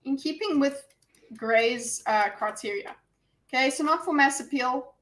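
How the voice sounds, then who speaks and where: A woman hosting a casual online film discussion over a video call, animated and acting out quoted lines. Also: high-pitched, unhurried. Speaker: discussion host.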